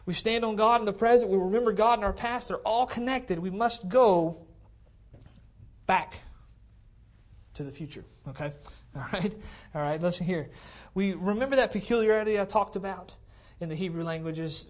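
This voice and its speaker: A man preaching to his congregation in a relaxed, talky way, repeating key phrases to drive them home. He speaks into a cordless mic in a church and keeps checking in with his listeners. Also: high voice, moderate pace. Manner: conversational preaching, checks in with "okay? all right?". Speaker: pastor. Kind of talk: sermon. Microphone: cordless handheld mic.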